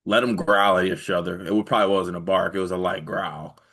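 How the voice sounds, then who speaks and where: A man's voice: deep voice, steady tone, brisk, a bit bright. A man co-hosting a sports talk show, telling stories about playing college ball in a laid-back way. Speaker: co-host, former college player.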